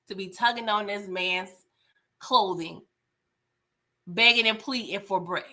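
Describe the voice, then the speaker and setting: A woman hosting a casual live-stream TV recap, animated and laughing as she talks back to the characters. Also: high-pitched. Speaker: TV recap host.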